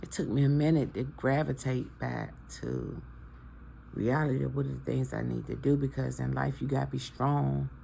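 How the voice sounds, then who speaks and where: Gravelly-voiced woman vlogger. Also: extremely low pitch, steady tone, normal speed, dark tone, slight background noise. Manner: preachy, emotional, talks straight to followers. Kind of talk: casual heartfelt talk to camera.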